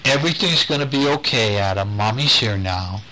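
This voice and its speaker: A man voicing a gentle mother soothing her small child, tender and calm, while reading a bedtime story. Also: lowish voice, normal speed, low-quality recording.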